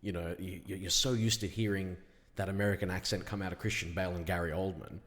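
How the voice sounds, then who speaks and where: A man co-hosting a casual chat, talking quickly and hesitantly, with many fillers. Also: low-pitched, fairly even intonation, fairly bright tone, long reverb tail. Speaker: co-host.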